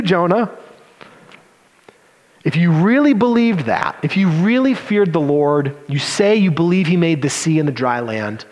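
A man preaching a sermon as pastor, animated and given to sarcastic asides. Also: high voice. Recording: long reverb of a hall.

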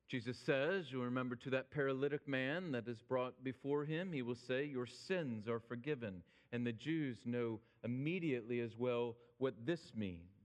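A man preaching a sermon, speaking emphatically and slowing down when he quotes scripture. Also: fairly high pitch, long reverb tail. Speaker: pastor.

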